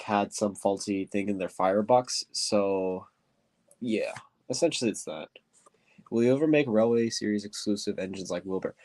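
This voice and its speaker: A deep-voiced man with a stuffy nose chats casually on a livestream, answering questions while he works. He rambles, pauses to search for words and keeps saying quote-unquote. His pitch sits fairly low. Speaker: streamer answering viewer questions.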